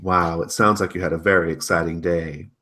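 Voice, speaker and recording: A man's voice: deep voice, steady tone, brisk, pushed and bright. A man doing an eerily sweet mother. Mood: saccharine. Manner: sugary and overly pleasant.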